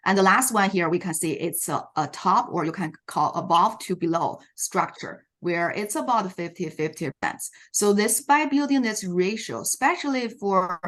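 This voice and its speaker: Presenting at an online teacher workshop, this Chinese language teacher explains strategies on a video call in a slightly bright, mid-range voice. She speaks at normal speed with few pauses, though she often uses fillers and corrects herself.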